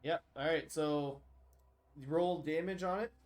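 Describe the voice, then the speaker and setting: A man acting as game master, narrating a tabletop game in a relaxed way and laughing off his own mistakes. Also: on the high side, unhurried.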